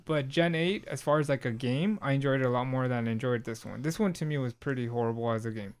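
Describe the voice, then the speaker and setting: A man's voice: mid-range voice, quick pace, a little mellow, clean tone. Man chatting loosely on a podcast. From Southern California. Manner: rambling, full of fillers and restarts. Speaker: podcast co-host. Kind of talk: casual chat.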